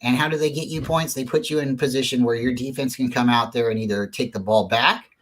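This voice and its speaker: Male guest, mid-pitched, earnest and rambling, casual storyteller who restarts his sentences often. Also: steady tone, brisk, fairly bright tone, poor audio.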